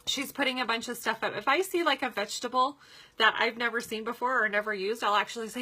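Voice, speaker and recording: A chatty, upbeat woman coaching her sales team in a relaxed way. Her voice sits a little high and sounds bright and tense. She laughs often and talks with plenty of fillers. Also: quick pace. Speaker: pet products sales team leader giving a training talk. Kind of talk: casual coaching talk.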